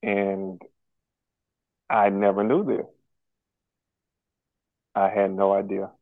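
Halting man on a tinny line. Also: lowish voice, steady tone, no room sound. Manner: halting and earnest, many pauses and restarts. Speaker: podcast guest. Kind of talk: candid personal conversation. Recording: tinny phone-like line, dry.

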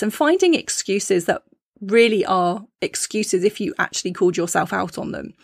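Woman, podcast host, mid-pitched, upbeat and playful, dry close sound. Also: dry recording. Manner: upbeat, acts out her inner voice with playful exclamations. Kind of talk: solo motivational talk.

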